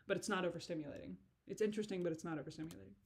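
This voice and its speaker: A woman's voice: on the low side, racing, gravelly, a little hiss or hum. A woman giving a casual director's commentary on her own video, rambling, giggling and swearing freely.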